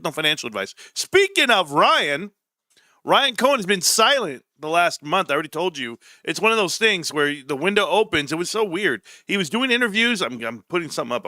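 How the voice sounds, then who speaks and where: Man from California, ranting streamer, bright tense voice, dry close sound. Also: fairly high pitch, no echo. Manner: animated, swearing, sarcastic. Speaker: stock market streamer. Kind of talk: casual ranting livestream.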